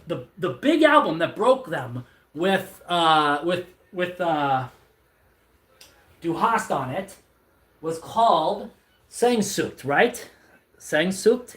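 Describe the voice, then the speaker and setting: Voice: medium pitch, expressive, a little slow, fairly bright tone, distant mic. A streamer chatting casually on a live stream while assembling furniture, keeping up a rambling, self-mocking commentary full of stammered restarts. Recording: roomy echo, off-mic, faint noise.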